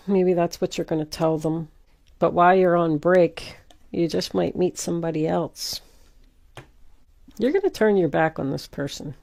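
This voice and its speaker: A woman's voice: fairly low pitch, measured pace, a little mellow. A woman giving a casual tarot reading straight to the viewer, emphatic and repetitive as she talks. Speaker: tarot reader.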